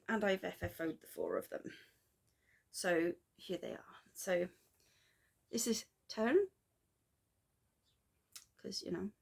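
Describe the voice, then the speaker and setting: A woman chatting casually in a craft vlog, rambling and self-deprecating with quick asides. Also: medium pitch, gravelly. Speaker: flosstube vlogger. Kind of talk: casual chat.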